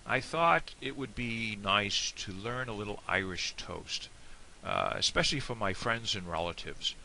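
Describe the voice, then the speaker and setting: A man's voice: medium pitch, gravelly, sharp tone, slight background noise. A man with an American accent giving a casual, digressive video lesson. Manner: chatty, digressive. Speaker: Irish language teacher.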